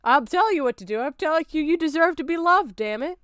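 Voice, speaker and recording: A woman's voice: high-pitched, expressive, fast, a bit bright, no room sound, studio quality. A woman streaming and chatting casually, with a goofy, cartoonish voice, laughing often and swearing freely.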